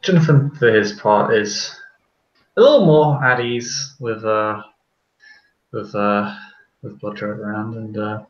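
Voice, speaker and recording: A man playing in a tabletop game, speaking haltingly with many pauses. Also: on the low side, highs cut off. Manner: halting, hesitant. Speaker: player. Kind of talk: casual tabletop play. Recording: echoey room.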